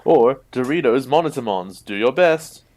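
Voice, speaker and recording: A man's voice: medium pitch, expressive, moderate pace, darkish tone. A man co-hosting a fan podcast in casual chat, making short dry remarks. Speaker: podcast co-host.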